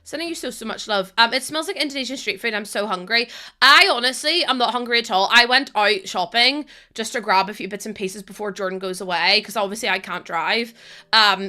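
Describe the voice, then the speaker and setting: A woman with a Northern Irish accent chatting fast with her stream audience, tired and laughing often. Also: on the high side, pushed and bright. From Northern Ireland. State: tired from lack of sleep. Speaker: live streamer. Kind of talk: casual chat with a stream audience.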